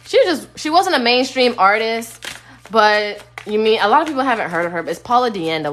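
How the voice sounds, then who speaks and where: Woman tarot reader, blunt and casual on a phone live stream, fairly high voice. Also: animated, a little fast, a bit bright, slight background noise. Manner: casual and blunt, sings snippets of songs.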